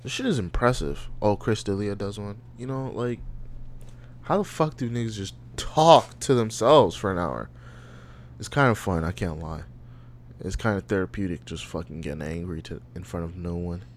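A man's voice: deep voice, animated, moderate pace, a little hiss or hum. A young adult man hosting a solo podcast, ranting and rambling with lots of profanity. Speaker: podcast host.

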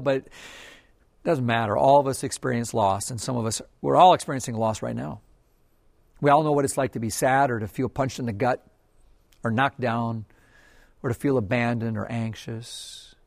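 A man preaching an earnest, gentle devotional sermon, often dropping to a soft hush. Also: medium pitch, gravelly, dry recording, clean studio sound. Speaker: pastor.

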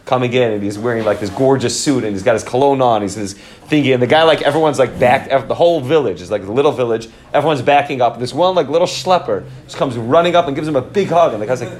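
A man teaching a story with commentary as a Torah teacher, animated, repeating words and phrases, and mixing in Hebrew and Yiddish terms. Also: medium pitch, quick pace, slight background noise.

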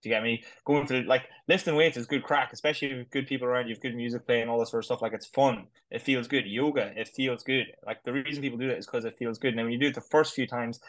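A man talks quickly on a podcast as co-host. His speech is casual and meandering, packed with "like" and "sort of stuff". He keeps up a hurried, loose flow. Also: mid-range voice, fairly even intonation, fairly bright tone, low-quality recording. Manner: rambling, fillers like "like" and "sort of stuff". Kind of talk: casual chat.

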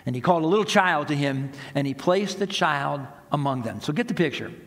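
A man preaching a sermon in a relaxed, conversational way, acting out the voices of people in the stories he tells. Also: on the high side, a little fast, hardly any pauses, long reverb tail. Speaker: pastor.

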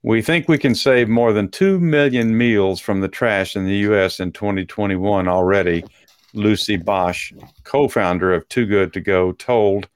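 A man co-hosts a relaxed talk show from a dry, close-sounding spot, his voice on the low side. He reads news stories aloud, stumbling now and then and breaking off to joke. A Texan accent sometimes shows through. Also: no room sound. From Texas. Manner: reads articles aloud with asides and chuckles. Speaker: co-host. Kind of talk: casual talk show chat, reading news items.

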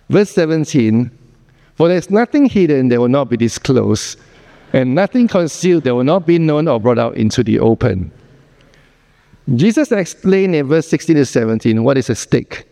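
Male preacher, earnest sermon, rhetorical questions, warm mellow tone, church hall echo. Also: a little high. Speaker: pastor. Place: church sanctuary.

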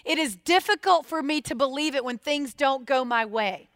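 High, bright-voiced woman preaching. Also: normal speed, dry recording, studio quality. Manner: expressive, questions the listeners directly. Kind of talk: sermon.

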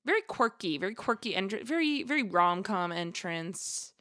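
A young woman co-hosts a podcast in relaxed conversation. Her voice is bright and lively, swinging up and down as she jokes. She laughs often and keeps the tone playful. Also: mid-range voice, normal speed. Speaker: podcast co-host. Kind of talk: casual chat.

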